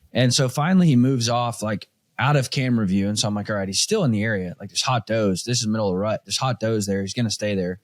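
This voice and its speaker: A man spins a rambling story in an easygoing talk-show manner, jumping into other people's voices along the way. His voice sits in a middle register. The sound is close and dry, with no room echo. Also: mid-range voice. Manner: animated storyteller, acts out quoted voices. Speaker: podcast host. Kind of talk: casual hunting story chat.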